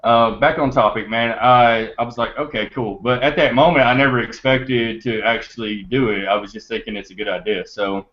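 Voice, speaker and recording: A man's voice: mid-range voice, steady tone, normal speed, few pauses, a bit bright. Man, podcast host, casual storytelling, rambling, chatty, laughs often, muffled lo-fi sound. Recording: dull lo-fi recording.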